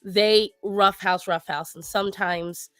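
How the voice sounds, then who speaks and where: A woman's voice: mid-range voice, takes it slowly, dry recording, faint music behind. Woman cohost talking straight to her viewers, giving dog advice, dry close sound. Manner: animated, gives advice to viewers. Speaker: co-host. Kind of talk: casual chat.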